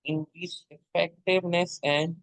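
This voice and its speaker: A fairly high-pitched man teaching literature in a patient, repetitive lecture style. He keeps checking in with his listener. The sound is dry and close. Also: fairly even intonation, a little slow, a bit bright, no room sound, low-quality recording. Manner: repeats points, frequent "okay?" check-ins; addresses listener as "my dear". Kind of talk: explanatory lecture.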